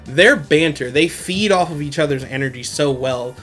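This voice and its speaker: Brief: young male podcast host, laughing and slangy recap, slightly high voice, music faint underneath. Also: normal speed, breathy edge. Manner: animated, slangy, laughs often. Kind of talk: casual anime recap chat.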